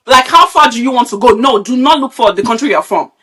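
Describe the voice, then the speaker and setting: A woman's voice: on the high side, lively intonation, fast talker, a bit bright. A woman from Nigeria, a podcast co-host, ranting bluntly and with a lot of swearing in casual, opinionated chat. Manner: blunt, profane, heated ranting.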